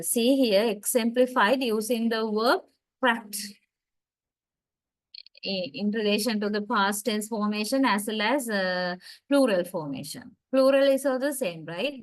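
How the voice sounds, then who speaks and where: Female lecturer, fairly high voice, patient explanations with frequent check-ins. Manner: explains slowly, spells words out letter by letter, checks in with "right?" and "okay?". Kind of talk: university lecture.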